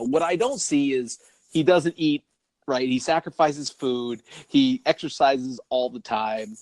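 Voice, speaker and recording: A man's voice: fairly high pitch, animated, unhurried, no room sound. A man co-hosting a podcast in casual chat, rambling and laughing often as he talks. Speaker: podcast co-host.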